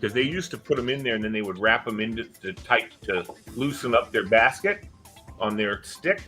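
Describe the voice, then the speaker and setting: Animated older man telling school stories. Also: moderate pace, soft background music. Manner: animated storyteller acting out quoted kids in a higher voice. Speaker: podcast host, former school coach. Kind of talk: casual storytelling chat.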